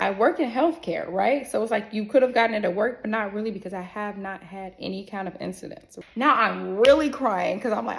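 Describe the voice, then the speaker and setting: A young woman narrates a personal story in a loose, chatty vlog voice with a strong gravelly fry. She talks with lively, animated delivery, swears casually and slips into other people's voices. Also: medium pitch, fairly quick, few pauses.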